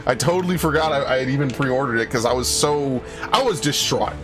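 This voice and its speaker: Faint game music plays as a young streamer gives casual gaming commentary, rambling, sarcastic, profane and full of anecdotes. He speaks a little fast at medium pitch with lively intonation.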